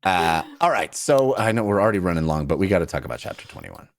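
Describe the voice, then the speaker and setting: Low-voiced man chatting about a book. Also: fast, no echo, studio quality. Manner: animated, acts out characters in funny voices. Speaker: book podcast host. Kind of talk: casual book discussion.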